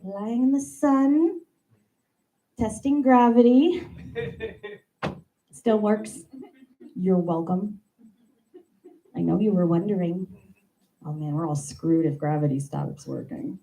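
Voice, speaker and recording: A woman in her thirties performing a stand-up comedy monologue, animated and playful, acting out the voices in her stories. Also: on the low side, rough recording. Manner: animated, acts out quoted voices, playful asides. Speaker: comedian doing a stand-up bit.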